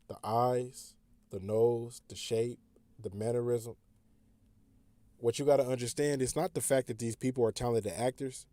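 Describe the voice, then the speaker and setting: A man's voice: mid-range voice, mellow, no room sound. A man in a casual monologue, insistent and conspiratorial, talking slangy.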